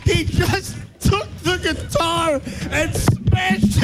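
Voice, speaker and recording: A man hosting and calling a live stunt outdoors, shouting and laughing breathlessly as he talks. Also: extremely high pitch, measured pace, over loud music, low-quality recording. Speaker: host. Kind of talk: excited live commentary.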